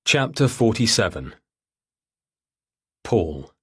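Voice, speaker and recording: A man reading a thriller audiobook in third person, with a somewhat low, husky voice. His delivery is measured and grave throughout. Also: sing-song, a bit bright. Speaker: audiobook narrator.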